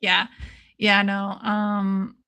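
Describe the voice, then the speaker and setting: Slow-talking bright-voiced woman streamer. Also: medium pitch, clean tone. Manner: excitable, swears freely, says "dude" a lot. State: drinking shots while streaming. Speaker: livestream host. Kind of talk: casual watch-along chat.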